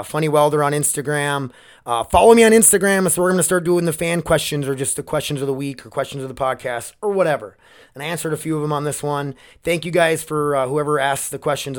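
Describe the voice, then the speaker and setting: A man with a slightly high voice and clean tone hosts his own solo podcast, talking close to the mic in a casual, rambling, candid way and swearing often.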